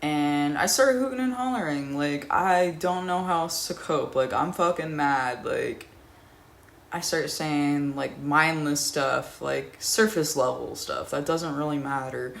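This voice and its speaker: A woman's voice: sits low, unhurried, gravelly. A young adult woman telling a rambling, profane story in a casual vlog, often laughing. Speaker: storyteller vlogger.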